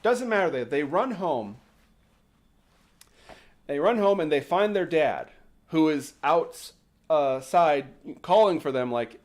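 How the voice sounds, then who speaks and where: A man's voice: fairly high pitch, animated, slow, long pauses. A man hosting a livestream, retelling a folk tale casually with sarcastic, mocking asides and casual swearing. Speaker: host.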